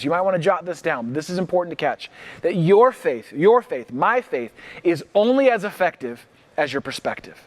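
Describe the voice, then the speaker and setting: A male pastor preaching a livestreamed sermon with no congregation present, acting out worried reactions and repeating key lines slowly for emphasis. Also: high voice. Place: church, livestreamed without congregation.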